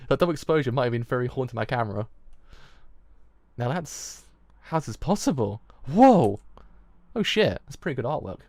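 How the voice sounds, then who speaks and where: A young man giving live reaction commentary while reading, excitable and quick to swear, often stumbling over his words. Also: medium pitch, no room sound. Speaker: streamer.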